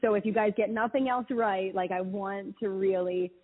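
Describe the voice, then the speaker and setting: A woman's voice: medium pitch, fairly even intonation, moderate pace, a crowd in the background. A woman guest, an actress, chatting casually and telling stories with lots of "like" fillers. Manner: chatty storytelling, many "like" fillers. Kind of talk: casual chat. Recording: phone-like audio.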